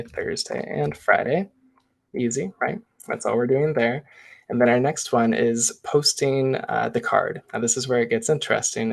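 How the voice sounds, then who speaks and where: Gravelly man walking through a software demo. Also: mid-range voice. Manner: casual step-by-step walkthrough, chatty asides. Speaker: presenter.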